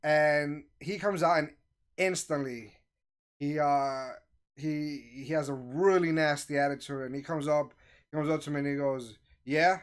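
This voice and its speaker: Animated man telling a story. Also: fairly high pitch, moderate pace, clear, resonant tone. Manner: animated, acts out quoted voices. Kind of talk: casual storytelling.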